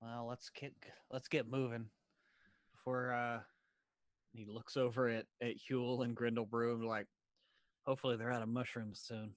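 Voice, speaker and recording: A man's voice: medium pitch, flat delivery, normal speed, no room sound, studio quality. A man playing a character in a tabletop game, rambling and hesitant as he describes his actions. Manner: rambling, hesitant, many likes. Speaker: player. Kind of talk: casual play chat.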